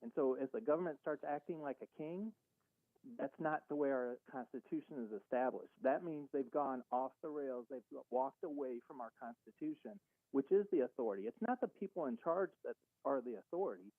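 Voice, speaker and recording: A caller on talk radio speaks a little fast in a medium-pitched voice, earnestly making his argument and reenacting past conversations. The recording is dry and comes through a tinny phone line.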